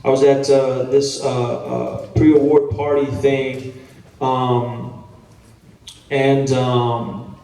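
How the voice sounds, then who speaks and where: A man's voice: medium pitch, level tone, very slow, vocal fry, mellow, distant mic. A man in his thirties, an actor telling stories to fans on a convention panel, chatty, laid-back and self-deprecating, swearing now and then. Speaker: actor answering fan questions on a panel. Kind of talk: casual storytelling Q&A. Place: large convention hall. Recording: echoey hall, mic picked up from afar.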